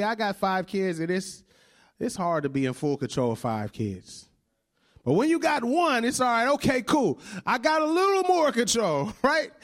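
A man's voice: very high-pitched, a bit bright. A male preacher in his thirties giving a conversational sermon, often checking in with "right?" and laughing along with the congregation.

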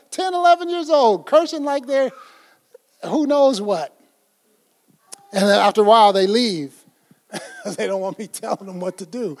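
A man's voice: high-pitched, moderate pace, pauses often. An older man preaching a folksy, conversational sermon, acting out little scenes as he goes. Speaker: pastor.

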